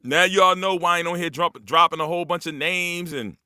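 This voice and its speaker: A man's voice: high voice, a little fast, sharp tone, clear, resonant tone, no echo, clean studio sound. Profane, rambling man hosting a live talk. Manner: loose, profane, rambling, streetwise. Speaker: host. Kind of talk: casual monologue to a live audience.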